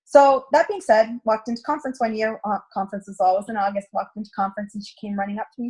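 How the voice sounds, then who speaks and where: A woman's voice: medium pitch, fairly quick, darkish tone. A middle-aged woman coaching a direct sales team in a chatty storytelling talk, acting out quoted dialogue. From Canada.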